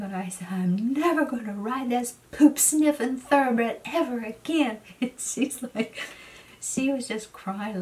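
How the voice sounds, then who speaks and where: A woman's voice: medium pitch, a little mellow. A middle-aged woman, chatting casually and rambling on as a beauty vlogger. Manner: rambling storyteller who goes on and on. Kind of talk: casual get-ready-with-me chat.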